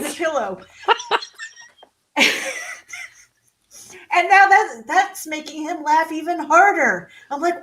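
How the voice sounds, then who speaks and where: Animated woman telling a funny story. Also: high voice, unhurried, pauses often, poor audio. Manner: animated storyteller, laughs often, acts out quotes. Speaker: guest author. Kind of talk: casual storytelling interview.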